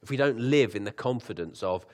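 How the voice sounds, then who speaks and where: A young man preaching in a loose, conversational way, with a fairly low voice. He breaks into jokes, then slows right down and lifts his voice to read scripture. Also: lively intonation. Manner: conversational, laughs at his own asides; reads scripture slowly with lifted emphasis. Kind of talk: sermon.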